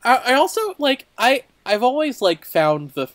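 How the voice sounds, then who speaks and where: A woman's voice: sits low, big pitch swings, a little slow, dry recording. A woman co-hosting a book club podcast, chatting casually and swearing as she mocks the characters. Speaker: podcast co-host.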